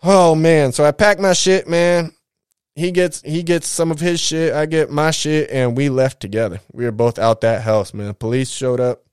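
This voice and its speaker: A man's voice: on the high side, normal speed, clean tone, dry recording, studio quality. A man hosting his own show, telling his life story in a casual, slangy, profane way and acting out the people in it. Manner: profane, slangy street talk; animated retelling with quoted voices.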